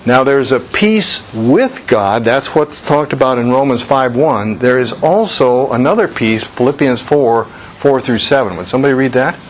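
A man's voice: mid-range voice, expressive, normal speed. A man leads an informal Bible study, earnest and conversational. He drives his points home by repeating them. The recording is dull and lo-fi, with a faint hiss underneath. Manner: earnest, conversational, emphatic repetition.

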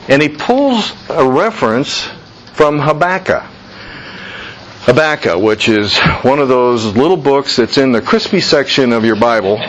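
A man teaching a Bible class, repeating key phrases slowly for emphasis and joking with his students. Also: a little high, highs cut off, a little hiss or hum.

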